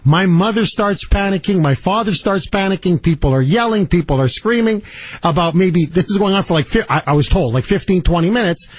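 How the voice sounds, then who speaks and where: A man hosting a talk radio show, telling stories in an animated, indignant way and taking calls. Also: sits high, brisk, no room sound. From Canada. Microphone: studio microphone.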